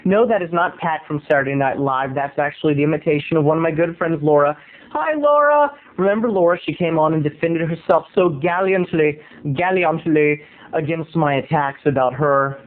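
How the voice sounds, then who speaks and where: A man's voice: fairly high pitch, fairly even intonation, brisk, phone-quality sound. A man video blogging from home into his camera, telling a gossipy comic story in a theatrical, playful manner. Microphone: home camera mic.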